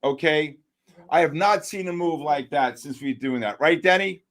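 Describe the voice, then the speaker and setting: A man hosting a live futures trading stream, giving excited, exclamatory market commentary and calling out viewers by name. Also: fairly high pitch, normal speed. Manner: animated, exclamatory, talks to chat by name. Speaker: livestream trading host.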